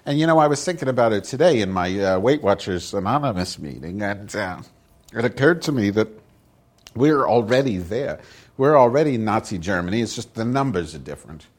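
A cranky middle-aged woman podcast host, played by a man, swearing and grumbling through a rambling comic monologue. Her voice sits low and heavy for a woman. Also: animated, a little fast. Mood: grumpy. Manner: profane, grumbling, rambling rants.

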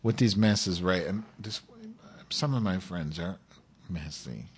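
A man hosting a casual chat, telling an animated story and acting out other people's voices. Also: sits low, measured pace, slight background noise.

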